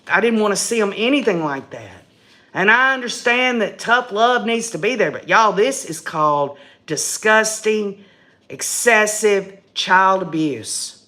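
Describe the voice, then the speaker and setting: A middle-aged woman hosts a live true-crime stream, speaking slowly and with heavy emphasis. Her bright, clear voice leans hard on key words as she keeps calling her viewers "y'all". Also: medium pitch, animated. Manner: emphatic, addresses viewers as "y'all", repeats and restarts when indignant. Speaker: livestream host.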